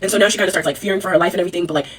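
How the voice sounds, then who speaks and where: A young woman rattles through a drama recap at speed, chatty and animated, full of slangy asides. Her voice is husky. It sounds a little distant from the mic. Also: lowish voice, very fast. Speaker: vlogger. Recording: voice a bit far from mic.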